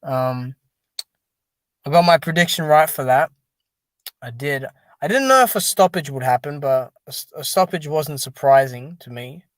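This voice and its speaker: A man's voice: a little high, lively intonation, moderate pace, dry recording. Guy ranting about fight matchups to his viewers, fed up, dry close sound, says dude a lot. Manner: exasperated, dismissive, repetitive fillers like "dude" and "man". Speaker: boxing commentary channel host. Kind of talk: casual solo boxing and MMA commentary.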